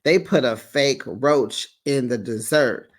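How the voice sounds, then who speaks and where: A reality-show recap host talking at an unhurried, drawn-out pace. The tone is chatty and sassy, full of casual asides to the viewers. The voice sits at a middling pitch.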